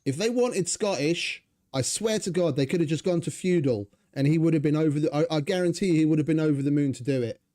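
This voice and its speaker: A man's voice: fairly high pitch, brisk, hardly any pauses, mellow. A young man giving rambling, sarcastic, swearing commentary over his gameplay. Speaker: gaming channel host.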